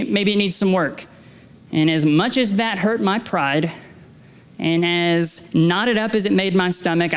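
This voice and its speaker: A young adult man preaching a sermon as a guest speaker, earnest and exhorting, with repeated phrases, stammered restarts and self-deprecating stories. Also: high voice. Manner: restarts and stammers when emphasizing. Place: church sanctuary.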